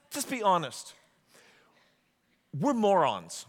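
Animated pastor preaching in a reverberant hall. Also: male voice, sits high, measured pace. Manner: animated storytelling, acts out quotes. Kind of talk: sermon.

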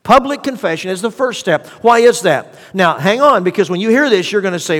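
Male preacher, high-pitched, rhetorical questioning style, long hall reverb. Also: expressive, normal speed, few pauses, a bit bright. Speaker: pastor. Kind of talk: sermon.

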